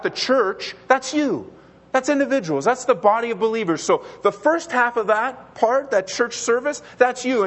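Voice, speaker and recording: A male pastor delivers a sermon in a high voice that swings widely in pitch. He hammers his points by repeating them, often stumbling over and restarting his phrases. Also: a bit bright. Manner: emphatic, repetitive, stumbling restarts.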